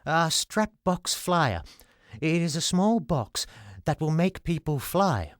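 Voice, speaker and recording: Brief: hesitant, polite little inventor, put on by a man, raised pitch, lively. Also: slow pace. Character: short bald friendly little old-fashioned inventor man.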